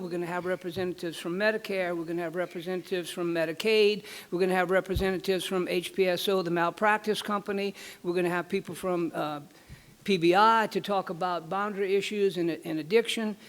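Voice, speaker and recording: Folksy man, 50s, high-ish voice, board presenter who tells jokes. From Louisiana. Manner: folksy, joke-telling, repeats words. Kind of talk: conference presentation.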